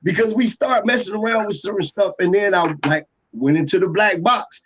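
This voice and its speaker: Husky-voiced man telling a rambling story. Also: high-pitched, moderate pace, fairly bright tone. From Atlanta, USA. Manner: rambling, full of restarts and "like". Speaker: music producer, guest. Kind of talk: casual storytelling interview. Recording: dull lo-fi podcast audio.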